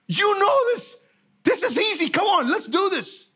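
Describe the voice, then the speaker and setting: A man's voice: very high voice, very animated, moderate pace, sharp tone, voice pushed up, exaggerated voice. A man voicing a crowd of impatient angels who urge frightened soldiers on, coaxing and exasperated. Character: eager cheering angels urging on an army.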